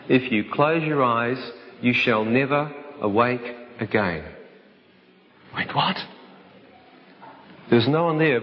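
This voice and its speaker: A man relating his testimony to an audience in vivid, storytelling fashion, at an everyday pitch. His voice carries through an echoey hall, and the sound is slightly dull. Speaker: speaker giving a testimony. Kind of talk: dramatic personal testimony to an audience.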